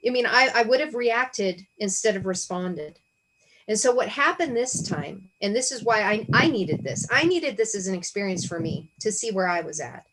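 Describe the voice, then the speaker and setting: A woman's voice: mid-range voice, expressive, moderate pace, fairly bright tone, rough recording. Earnest woman hosting a video-call Bible study. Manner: earnest and reflective, asks herself questions aloud. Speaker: Bible study discussion host. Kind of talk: casual spiritual teaching over a video call.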